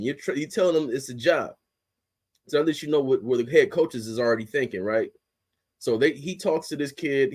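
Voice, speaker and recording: A young man rants as a sports podcast host, cussing freely and pushing his voice up when he gets worked up. His pitch sits in an ordinary middle range, and his delivery is blunt and heated throughout. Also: a little mellow. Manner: heated, blunt, heavy swearing, rising to outbursts. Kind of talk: profane ranting commentary.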